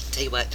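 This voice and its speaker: A woman vlogger ranting about work, rambling and exasperated, turning self-reflective. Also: heavy background noise. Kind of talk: rambling personal rant to camera.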